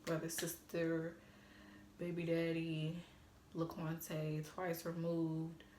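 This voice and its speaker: A woman's voice: low voice, monotone, takes it slowly, dark tone, roomy sound, slight background noise. A woman in her twenties telling a casual storytime vlog, blunt and sassy and swearing freely. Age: 20s. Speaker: storytime vlogger.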